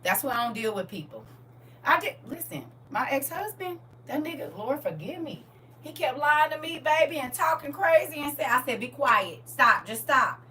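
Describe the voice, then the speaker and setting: A woman's voice: sits high, lively intonation, moderate pace, a bit bright. A middle-aged woman hosting a live stream, telling blunt stories in casual talk. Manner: blunt, storytelling, scolding. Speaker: TikTok live host. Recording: distant from mic with faint noise.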